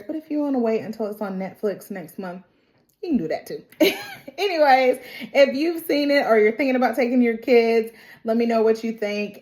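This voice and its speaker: Woman, movie recap vlogger, chatty, casual, animated storytelling, slightly high voice. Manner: chatty, animated, acts out characters.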